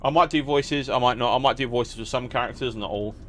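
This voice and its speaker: A man's voice: medium pitch, brisk, fairly bright tone, slight background noise. A man with a cold giving casual, rambling commentary while playing a video game. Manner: rambling, chatty, self-restarting. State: has a cold. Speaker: gaming YouTuber. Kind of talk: casual let's-play commentary.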